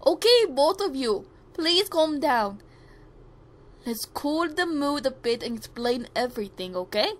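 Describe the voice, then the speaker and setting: Una donna che fa un giovane indiano garbato e calmo, con accento indiano. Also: female voice, high-pitched, measured pace. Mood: calm. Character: Indian young man, polite and calm. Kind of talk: fan game voice acting.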